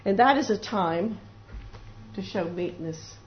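A woman's voice: medium pitch, expressive, slow pace. Earnest woman preaching a sermon, lo-fi sound. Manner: earnest, acts out little voices of doubters and prayers. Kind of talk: devotional sermon. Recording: dull lo-fi recording with faint noise.

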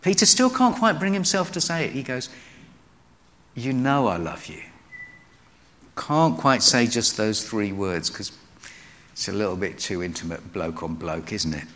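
This preacher's lowish voice is expressive and a little bright, moving at a normal speed. He gives a sermon full of Bible stories, voicing the quotes dramatically, recorded with long hall reverb.

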